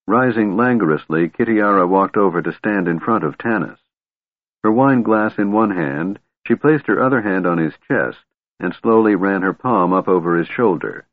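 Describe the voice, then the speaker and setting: A man reads a fantasy novel aloud with dramatic, expressive storytelling. His voice is deep, with a lively, rising and falling melody. The sound is dry and tinny, as if through a phone line. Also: normal speed, dry recording. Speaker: audiobook narrator. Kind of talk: scripted fantasy narration. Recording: tinny, narrow band.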